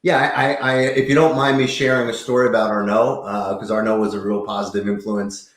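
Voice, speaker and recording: A man's voice: on the low side, little pitch movement, brisk, reverberant. A man in his fifties, a chiropractor, talking earnestly and enthusiastically as an interview guest, often restarting his sentences. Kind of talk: casual interview talk.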